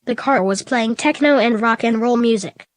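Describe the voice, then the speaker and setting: A woman reading a fan story aloud in a flat, matter-of-fact way. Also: a little high, normal speed. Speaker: narrator.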